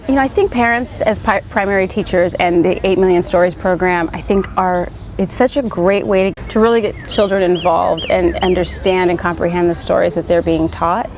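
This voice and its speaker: A woman's voice: on the low side, fairly even intonation, normal speed, hardly any pauses, darkish tone. A woman who founded an education program, speaking earnestly in an interview. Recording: noisy crowd behind.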